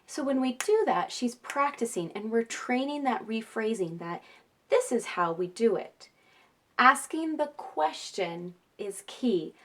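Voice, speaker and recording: A woman's voice: on the high side, lively intonation, measured pace, a bit bright. A woman, a mother, talking casually to viewers with parenting advice, often checking in with "right?" and laughing. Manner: chatty, with frequent tag questions and laughter.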